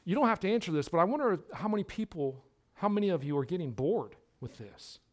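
A man with a fairly high voice preaching a sermon. He drives each point home by repeating words, dropping to a hush and then rising loud. His voice drifts nearer and farther from the mic. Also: sing-song, quick pace. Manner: emphatic preaching, repeats words for emphasis, swings between hushed and loud. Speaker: pastor.

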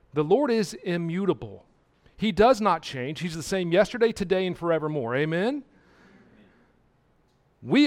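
A man preaching a sermon as a pastor. He repeats key words and swings between quiet asides and loud, emphatic lines. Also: a little high.

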